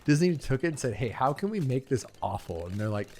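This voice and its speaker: A young gaming channel host rambles casually as he plays a video game, his chatty talk packed with fillers and asides. His mid-range voice is very animated, a little fast, and slightly mellow, with a faint hiss or hum on the recording.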